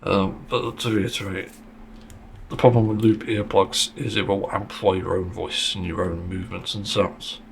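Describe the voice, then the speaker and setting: A man's voice: low-pitched, level tone, moderate pace, gravelly, a little hiss or hum. A man hosting a casual solo podcast monologue, speaking bluntly and frankly, with plenty of swearing and the odd sarcastic aside. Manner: sarcastic at times. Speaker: podcast host.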